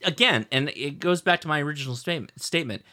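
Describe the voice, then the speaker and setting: A middle-aged man co-hosting a podcast, telling a rambling, animated story with lots of restarts. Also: fairly high pitch, quick pace. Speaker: podcast co-host. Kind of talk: casual chat.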